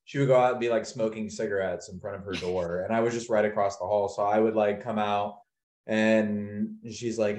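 A man's voice: on the low side, steady tone, a little fast. Man chatting in an echoey room. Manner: storytelling, acts out quotes, soft trailing asides. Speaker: podcast host. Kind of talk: casual podcast chat.

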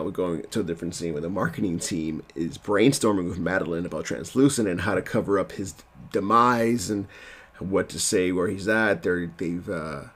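A man casually recapping a TV episode at home, rambling and self-deprecating, with lots of fillers. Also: sits low.

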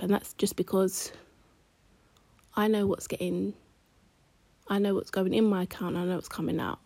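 A woman tells a personal story to camera, casual and slangy. Her voice is breathy and sits at a middling pitch. She talks close to a dry mic and often drops into hushed asides. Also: little pitch movement, measured pace, long pauses, no echo. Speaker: vlogger.

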